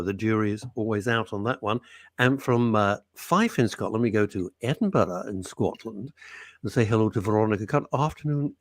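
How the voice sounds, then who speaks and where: A man's voice: on the low side, no room sound, studio quality. A man hosting a live radio show, rambling and joking as he greets listeners. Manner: rambling, jokey, reads out listener messages. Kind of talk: chatty live radio banter.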